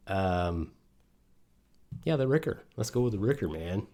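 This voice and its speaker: A middle-aged man from Michigan hosts a podcast from his home studio. He rambles and jokes, swearing freely, and his pitch swings widely as he riffs. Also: very animated, unhurried, pauses often, mellow. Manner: rambling, profane, joking. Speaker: podcast host. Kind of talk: casual podcast banter.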